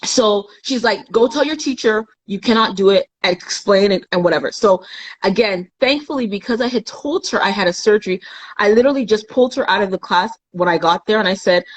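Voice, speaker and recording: A woman's voice: mid-range voice, poor audio. A young adult woman from Canada, a guest in a live chat, telling a painful personal story candidly and acting out the voices of the people in it.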